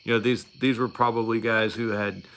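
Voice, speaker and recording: A middle-aged man with a bright, forward voice spins a casual story, rambling and wry. He stops often for fillers and starts his sentences over. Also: on the low side, flat delivery, brisk.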